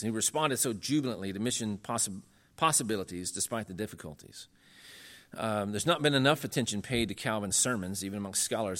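A man giving a lecture on church history, earnest and emphatic, talking in a conversational way and pushing his voice up to stress points. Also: a bit bright. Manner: earnest, emphatic, rising in pitch when making points; conversational with frequent fillers.

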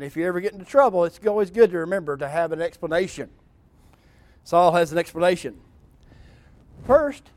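A man preaching a sermon in an animated, wry way, acting out scripture scenes. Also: fairly high pitch.

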